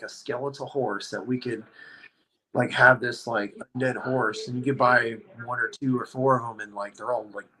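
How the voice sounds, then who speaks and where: Rambling, husky-voiced guy telling a story. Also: mid-range voice, rough recording. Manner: rambling, animated, heavy use of "like". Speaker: podcast guest. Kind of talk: casual storytelling chat.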